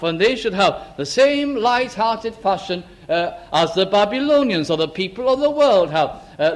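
A male preacher delivers a sermon in a high, light voice. He acts out the voices of ordinary churchgoers, then drops to quiet, reflective asides.

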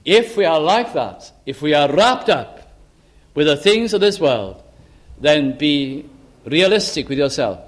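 A man with a notably high-pitched voice delivers a sermon. He speaks earnestly, rising into fervent, pleading appeals. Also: lively intonation, unhurried. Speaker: preacher.

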